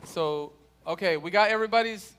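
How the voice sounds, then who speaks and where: A man with a slightly high voice teaches a relaxed church Bible class. He chats easily and jokes with the people in the room. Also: a little fast, smooth. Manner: chatty, joking with the class.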